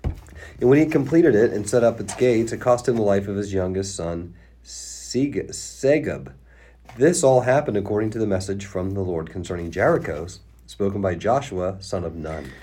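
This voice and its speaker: A man's voice: lowish voice, animated, moderate pace, dark tone, husky. A congested male pastor co-hosting a podcast, talking in an easygoing way and reading scripture aloud. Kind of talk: podcast Bible reading and chat.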